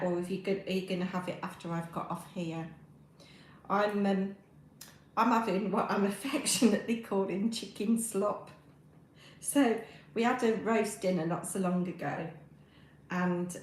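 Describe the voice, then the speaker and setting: A woman's voice: mid-range voice, measured pace, reverberant, a little hiss or hum, rough recording. Chatty British woman knitting on a livestream. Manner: rambling, friendly, many ums, talks while knitting. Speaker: crafting live-streamer. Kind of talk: chatty livestream, reading chat aloud. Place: home room.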